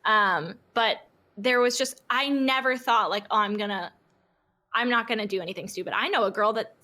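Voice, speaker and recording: A young woman with a bright, lifted voice chats as a podcast guest. She tells stories with animation, swears casually and slips into little voices for what people said. Her pitch sits a touch high for a woman. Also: moderate pace. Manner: animated storyteller who acts out quotes and swears freely. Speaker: guest streamer. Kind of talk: casual podcast interview chat.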